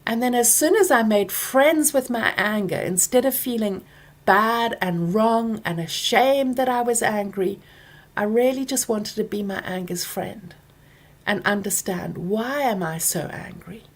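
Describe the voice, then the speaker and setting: A middle-aged woman hosts a workshop Q&A, answering audience questions in a soft, gentle voice that drifts into whispers at times. Her voice is on the high side at a measured pace, and she acts out anger with loud groaning sounds.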